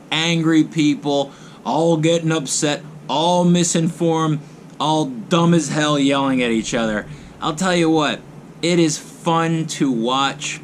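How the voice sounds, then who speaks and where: A man's voice: mid-range voice, a little hiss or hum. Blunt ranting male vlogger. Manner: blunt, mocking, emphatic with repeated phrases. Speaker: vlogger host. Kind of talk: ranting commentary to camera.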